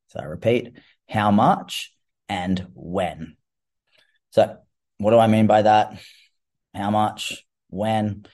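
An Australian man with a low voice hosts a solo fitness podcast. He talks in a loose, chatty way, rambling a little with casual fillers. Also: mellow. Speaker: fitness coach podcast host.

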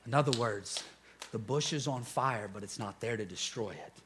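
A man preaching a sermon, telling his story with animated energy and dropping to a hushed intensity. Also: medium pitch, normal speed, noisy background.

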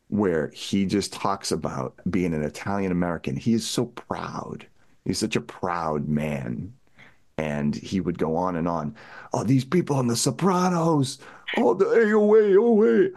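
Podcast co-host, male, very low voice, chatty and enthusiastic film talk. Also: darkish tone. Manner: enthusiastic, recaps characters conversationally. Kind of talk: casual film discussion.

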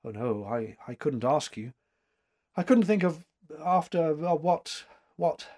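A man's voice: on the high side, animated, takes it slowly, warm tone. A man reading aloud voices a distressed young woman who stammers and trembles. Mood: faltering.

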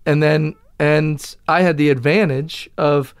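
A man's voice: fairly high pitch, fairly even intonation, a little slow, smooth, dry recording. A man with a Boston accent, an actor guest talking candidly and loosely in a casual interview, swearing and laughing easily.

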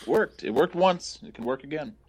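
A man speaking as a guest filmmaker on a podcast, relaxed and explaining behind-the-scenes details in casual film commentary. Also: a little high, normal speed.

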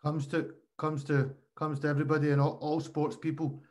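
A man hosting a casual interview, relaxed and supportive, with some hesitant restarts. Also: a little high, fairly quick.

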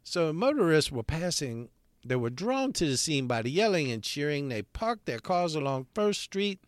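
Male podcast co-host, crude joking storyteller, higher register, lively, dry close mic. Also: normal speed, dry recording. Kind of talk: casual chat, storytelling.

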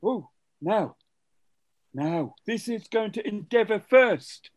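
A woman's voice: mid-range voice, expressive, takes it slowly, dry recording. A woman hosting a casual quiz and ribbing the players with bawdy jokes. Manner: teasing, bawdy, laughing quizmaster. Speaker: quiz host. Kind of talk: casual podcast quiz banter.

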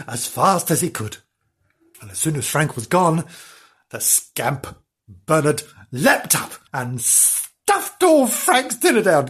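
A man's voice: on the high side, sing-song, a little slow, a bit bright, breathy edge. A man reading a children's story aloud as a comedy host, breaking off for mocking asides.

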